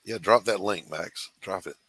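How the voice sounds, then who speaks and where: Man, low voice, forceful, dry close sound, jokey podcast host. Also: normal speed, husky, no echo. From South Carolina Low Country. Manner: jokey, rambling, laughs easily. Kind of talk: casual chat.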